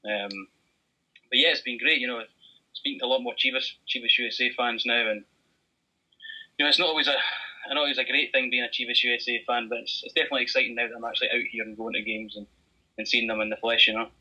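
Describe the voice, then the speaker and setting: A Scottish man talks quickly and cheerfully as a podcast guest. His voice is bright and forceful, and the sound is dull and lo-fi, as if it comes through a phone. He speaks in a relaxed, easy way. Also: mid-range voice. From Scotland. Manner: relaxed, friendly, chatty with laughs. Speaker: guest writer. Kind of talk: podcast interview chat. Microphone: phone line. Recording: muffled phone-line audio.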